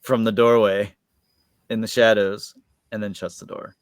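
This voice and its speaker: Guy with a lowish voice rambling through a show recap, lots of likes and ums, dry close sound. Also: level tone, measured pace, clear, resonant tone, no room sound. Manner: rambling, heavy use of filler words. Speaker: podcast co-host. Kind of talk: casual episode recap.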